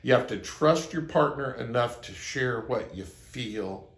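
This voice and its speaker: A man's voice: medium pitch, animated, a little slow, vocal fry, a bit bright, reverberant. A man sharing a personal story as advice to his viewers, speaking earnestly and acting out the lines he quotes. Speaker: relationship advice host. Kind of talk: advice monologue to camera.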